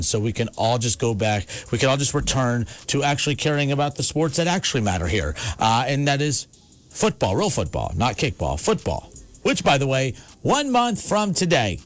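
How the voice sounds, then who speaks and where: A man hosting a call-in sports talk show from the United States, ranting emphatically, with repeated words and restarts. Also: medium pitch. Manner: emphatic, repetitive, stammering restarts. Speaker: sports radio host.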